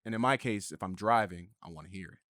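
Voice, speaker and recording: A man's voice: low voice, quick pace, fairly bright tone, no room sound, studio quality. A man chatting casually as a podcast guest, telling stories in an easygoing way. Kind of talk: casual chat.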